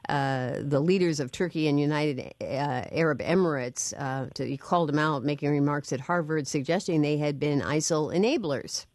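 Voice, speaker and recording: A woman's voice: sits low, normal speed, hardly any pauses, a little mellow, no room sound, studio quality. A woman hosting a radio talk show, asking her guest questions in a conversational way. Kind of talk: radio interview.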